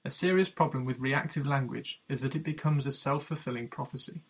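Earnest male author-narrator, measured delivery, gravelly and husky tone. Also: mid-range voice, low-quality recording. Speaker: author narrating his book. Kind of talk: audiobook narration.

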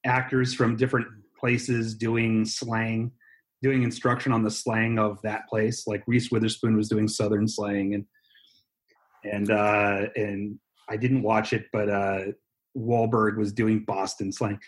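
In a casual podcast conversation, an American co-host jokes and rambles, restarting his sentences repeatedly. He talks at a measured pace in a fairly low voice with a flat delivery.

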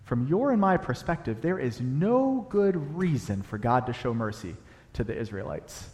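A young adult man preaching a sermon in a church, animated, building to emphatic peaks as he explains a passage. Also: mid-range voice, moderate pace. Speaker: pastor. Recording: long hall reverb.

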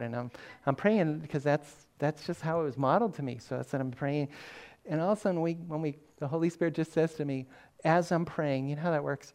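A man's voice: on the high side, brisk, creaky, darkish tone. Older male pastor, sermon, chatty storyteller who laughs at himself. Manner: conversational storytelling, self-deprecating humor.

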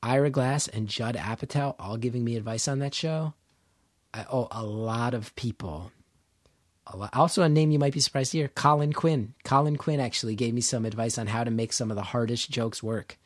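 A middle-aged man from New Jersey tells a story from his own life as a comedian guest in a conversation. He is animated, swears freely and acts out what other people said. His voice sits at an average pitch, and the recording is close and dry. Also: brisk, no echo.

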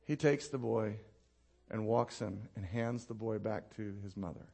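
A male pastor preaching a sermon who tells stories with animation, laughs at his own anecdotes, drops low and quiet to land a point, and asks the congregation for responses. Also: a little slow, creaky.

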